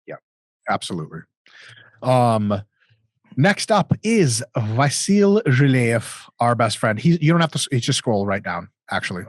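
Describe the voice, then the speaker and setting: Man hosting a casual viewer Q&A, swears and jokes, very lively up-and-down pitch, dry close sound. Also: unhurried, no room sound. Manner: swears freely, joking, lively delivery. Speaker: co-host answering viewer questions. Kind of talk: casual profane Q&A chat.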